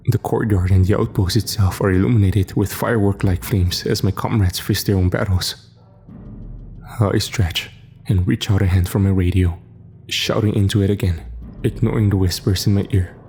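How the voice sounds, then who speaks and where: A man narrating a first-person horror story in a grave, measured way. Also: fairly low pitch, warm tone, slight background noise. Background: faint music.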